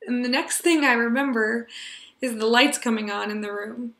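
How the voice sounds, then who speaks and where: A young woman telling an earnest personal story to a class, tender and sometimes dropping to a hush. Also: on the high side, normal speed, roomy sound. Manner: earnest, tender, drops to a hush for quiet moments.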